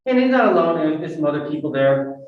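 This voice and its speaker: Man, event host, higher voice, chatty, rambling, big echoing room, from a distance. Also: sing-song, fast talker. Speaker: reading series host. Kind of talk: casual introduction with an anecdote. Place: arts center event room, in person and on video call. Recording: echoey room, picked up from a distance, muffled.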